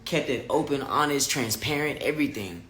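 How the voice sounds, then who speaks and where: A man chats live with his audience, open and blunt, swearing freely and hitting his points hard. His voice is bright and pushes forward. The room is echoey, with faint music running underneath. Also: mid-range voice, brisk. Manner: candid, profane, animated and emphatic. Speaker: vlogger talking live to viewers. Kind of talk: casual livestream chat, reading comments.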